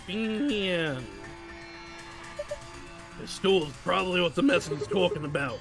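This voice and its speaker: A high, bright male streamer whose voice jumps around with lively pitch. He thinks aloud as he plays a video game live and reads out the text on screen. Faint game music plays underneath. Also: unhurried. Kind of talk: live game playthrough commentary.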